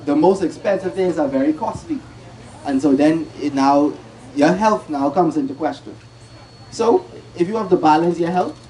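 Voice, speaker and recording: A man's voice: fairly high pitch, a little mellow, rough recording. A man giving a financial talk, asking rhetorical questions and restarting his sentences often. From Bahamas. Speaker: presenter at a credit union talk.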